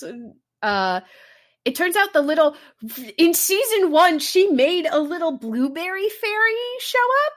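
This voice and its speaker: A woman's voice: very high-pitched, sing-song, unhurried. A woman host recapping a story in casual chat, rambling and sarcastic with many fillers. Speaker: podcast host.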